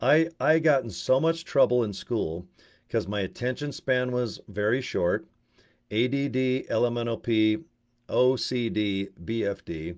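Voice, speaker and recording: A man's voice: mid-range voice, unhurried, a little mellow. A man giving a casual, rambling, blunt monologue to camera as an online business promoter.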